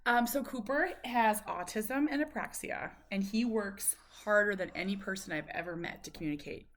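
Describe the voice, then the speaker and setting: A woman talking with her son, soft and encouraging, breaking into playful high exclamations now and then. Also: normal speed. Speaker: mother of the child in the video. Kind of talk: gentle coaxing talk to her son, and a casual talk to camera.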